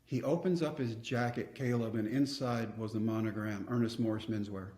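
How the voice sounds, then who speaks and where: A man's voice: fairly low pitch, steady tone, moderate pace, darkish tone, roomy sound. A man, telling personal stories earnestly as a podcast guest. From Texas. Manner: earnest, reflective storyteller. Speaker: guest speaker. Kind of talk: storytelling interview.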